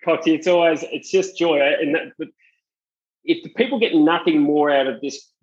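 A man's voice: medium pitch, dull audio. An Australian man who runs a fitness business, speaking as a podcast guest in an earnest, heartfelt way. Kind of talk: casual podcast chat.

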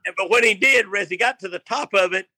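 A man's voice: high voice, quick pace, sharp tone, husky, no echo. An older man telling a funny fishing story in a casual, rambling way, restarting lines and laughing at his own tale. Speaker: guest storyteller.

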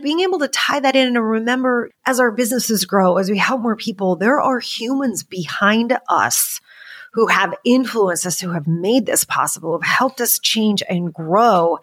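A woman's voice: mid-range voice, breathy edge. A middle-aged woman telling personal stories as a podcast guest, emotional and laughing as she talks. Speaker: podcast guest, business mentor. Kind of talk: casual storytelling interview.

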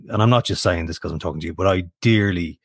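A man's voice: sits low, brisk, dry recording, studio quality. An Irish man, a voice actor and narrator, chatting in an interview and telling self-deprecating anecdotes. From Ireland. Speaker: voice actor and audiobook narrator guest. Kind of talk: casual interview chat.

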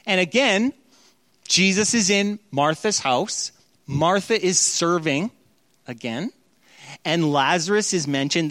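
A man preaching a sermon as pastor, in an animated, conversational way that acts out quoted voices. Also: fairly high pitch.

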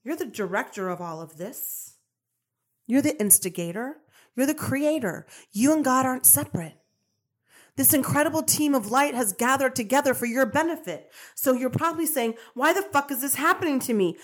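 High-voiced, emphatic motivational podcast woman. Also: animated, normal speed. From Colombian-American. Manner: emphatic and repetitive, with casual swearing. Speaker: podcast host. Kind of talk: motivational spiritual podcast monologue.

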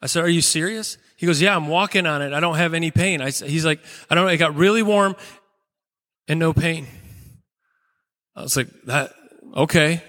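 Guy preaching, higher voice, kinda bright, earnest storytelling with pauses, big echoey hall. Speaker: pastor. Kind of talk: sermon.

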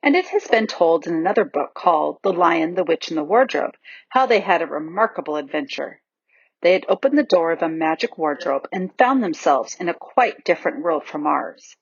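A woman narrating a children's storybook aloud with an expressive, varied delivery, on a dull lo-fi recording. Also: fairly low pitch, normal speed, breathy edge, no room sound. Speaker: audiobook reader.

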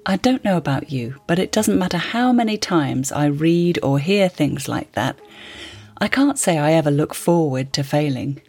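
A woman's voice: sits low, expressive, normal speed, darkish tone, breathy edge. A woman hosting a podcast, with wry, conversational scripted narration. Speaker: podcast host.

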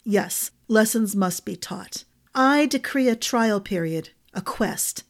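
A woman voicing a pompous, stern male magistrate in an audiobook, speaking slowly and weightily. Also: mid-range voice, animated, gravelly.

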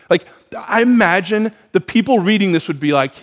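A man preaching a sermon, asking the congregation questions in an animated way. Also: sits high, normal speed, few pauses, in a large hall. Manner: animated, asks the room questions. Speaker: pastor.

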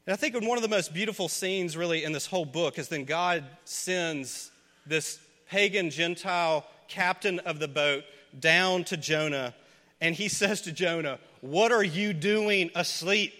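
A man preaching a sermon as pastor of his church, earnest and rising to loud, pleading questions. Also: on the high side, moderate pace, in a large hall.

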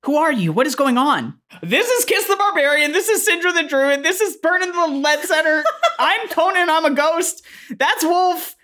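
A woman's voice: very high voice, lively intonation, moderate pace, a bit bright, voice pushed up. A woman playing a fussy, eager mom. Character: Olivia, fussing middle-aged mother.

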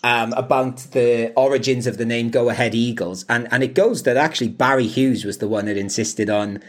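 This podcast co-host talks fairly quickly in a medium-pitched voice. It's casual chat: he rambles, restarts, leans on fillers, and keeps laughing.

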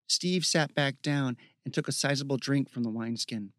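A man reading a fantasy novel aloud as narrator, in a measured, evocative style. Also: medium pitch, no room sound, clean studio sound. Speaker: audiobook narrator. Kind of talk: scripted narration.

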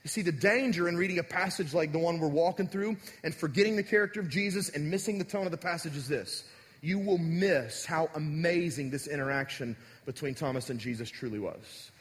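A man's voice: on the high side, brisk. Conversational male preacher in an echoey hall. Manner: conversational, direct, emphatic. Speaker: pastor. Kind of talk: sermon.

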